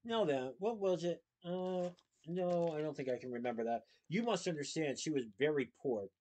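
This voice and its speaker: A man's voice: on the high side, lively intonation, moderate pace, a little mellow. A man voicing a smug, wicked rich villain who snarls and sneers in a read-aloud story. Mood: sneering.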